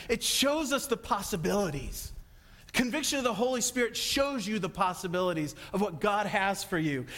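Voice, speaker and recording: A man preaching a sermon as a pastor, fast and excitable, slipping into playful acted-out asides. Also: sits high. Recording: long hall reverb.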